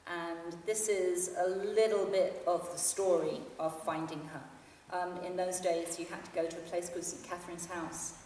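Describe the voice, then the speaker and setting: In an echoey library hall, a fifties-aged woman gives a public reading of her memoir in a dry, understated way, recorded by a distant mic with a little hiss. Her lowish, darkish voice holds steady at a moderate pace with few pauses.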